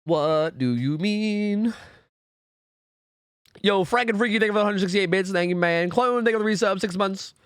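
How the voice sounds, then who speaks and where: A young man streaming a game live, chatting with his viewers in a profane, excitable, rambling way. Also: sits high, fast, few pauses, clean tone, dry recording, studio quality. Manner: rambling with frequent restarts and fillers. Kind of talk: casual live-stream chat while gaming.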